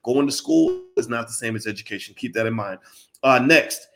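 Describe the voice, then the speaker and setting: Over background music, a fast-talking commentator with a lowish voice delivers an impassioned, preachy monologue. He is emphatic and repetitive, addressing his listeners directly in casual slang.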